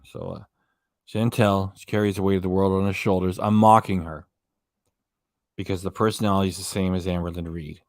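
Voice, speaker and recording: A man's voice: deep voice, fairly even intonation, fairly quick, dry recording, studio quality. Folksy man chatting with viewers. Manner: reads viewer comments aloud and answers them, folksy and joking. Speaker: livestream host. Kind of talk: casual late-night livestream chat. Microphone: desk microphone.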